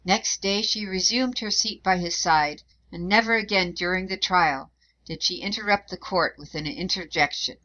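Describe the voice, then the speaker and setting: A woman narrating a historical account in a measured, even reading voice. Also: fairly low pitch. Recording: dull lo-fi recording.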